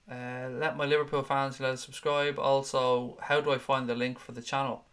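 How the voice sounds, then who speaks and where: A man's voice: medium pitch, level tone, normal speed, fairly bright tone. A man hosting a live fan show, chatting casually and swearing as he reads viewer comments and jokes with his co-hosts. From Ireland. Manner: chatty, jokey and profane, teasing his co-hosts.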